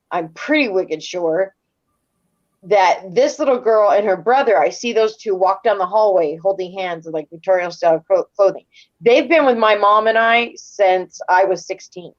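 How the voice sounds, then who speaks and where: A woman's voice: mid-range voice, muffled recording. A middle-aged woman telling stories casually as an interview guest, rambling and repeating words as she retells events. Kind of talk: casual storytelling.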